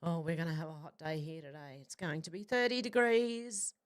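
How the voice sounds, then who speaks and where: A woman hosting a livestream, reading out viewer comments in casual chat with quick, chatty asides. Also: low voice, steady tone. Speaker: livestream host.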